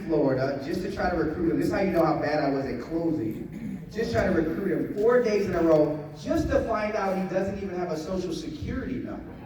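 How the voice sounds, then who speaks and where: A man giving a motivational seminar talk to a live audience, animated, repeating phrases and getting the crowd to answer back. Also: high-pitched. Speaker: motivational speaker. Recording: echoey hall, voice from a distance.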